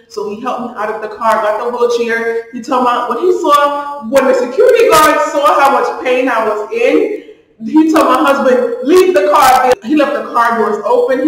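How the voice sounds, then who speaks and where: A woman in her thirties tells a story straight to the camera in a loose, chatty way, acting out the dialogue as she goes. She sits back from the mic, and the room around her rings with a long echo. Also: a little high. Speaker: vlogger. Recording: echoey room from a distance.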